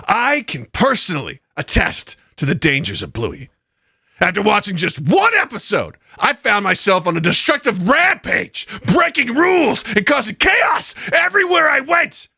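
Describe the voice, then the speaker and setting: A man's voice: high-pitched, big pitch swings, normal speed, gravelly, pushed and bright, slightly rough, dry recording, studio quality, pitched above the performer's own voice, full character voice. A man putting on the voice of an outraged male conspiracy talk-show pundit, declaiming a scripted rant with indignant bombast.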